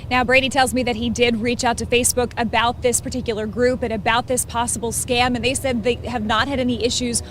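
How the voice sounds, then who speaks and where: A female television reporter reads her story in a measured, scripted way. Her voice sits a little high, and faint noise runs under it. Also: flat delivery. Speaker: TV news reporter. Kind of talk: broadcast news report.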